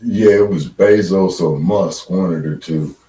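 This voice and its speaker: A man's voice: low-pitched, unhurried, warm tone, distant mic. A man co-hosting a casual political chat, talking bluntly and profanely with strong emphasis. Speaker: co-host. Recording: roomy echo, set back from the mic.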